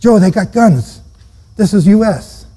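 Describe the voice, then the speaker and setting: A man's voice: sits high, lively intonation, unhurried, dark tone. A man teaching Bible prophecy to a live audience, emphatic, repeating key phrases and quizzing his listeners. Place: room with a seated audience. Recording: long reverb of a hall.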